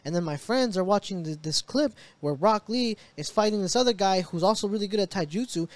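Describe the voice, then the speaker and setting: A man co-hosting a casual podcast chat, telling stories in an animated way, swearing and acting out reactions. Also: high voice, a little fast, hardly any pauses, no echo. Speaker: podcast co-host.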